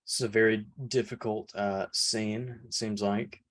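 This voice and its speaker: A man's voice: fairly low pitch, little pitch movement, moderate pace, fairly bright tone. A man playing a tabletop horror game, casual and hesitant, thinking aloud with fillers. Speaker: player.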